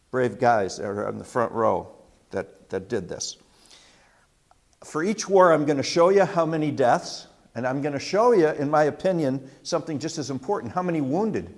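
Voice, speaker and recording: An older man, host of the talk, telling a personal family war story in a conversational way, with frequent restarts and fillers. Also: fairly high pitch.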